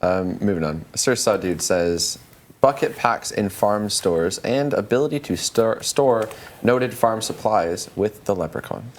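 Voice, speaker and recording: A man's voice: on the low side, unhurried. A man hosting a casual live-stream Q&A, reading out viewer questions in a chatty, joking way. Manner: chatty, jokey, reads questions aloud.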